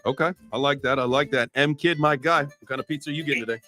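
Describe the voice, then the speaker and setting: A man's voice: medium pitch, fast, pushed and bright, soft background music. A man hosting a casual crypto livestream, joking loosely and swearing freely. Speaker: host.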